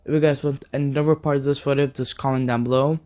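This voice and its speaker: A man's voice: mid-range voice, little pitch movement, fast, a little mellow. A man narrating an improvised fan story in a rambling way, linking events one after another. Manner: rambling, strings events together with "then". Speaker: video narrator.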